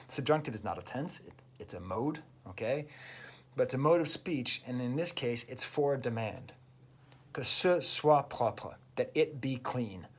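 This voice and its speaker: A man's voice: mid-range voice, slight background noise. A man, a French teacher, enthusiastically explaining song lyrics step by step in a casual video lesson. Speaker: French teacher and music reviewer.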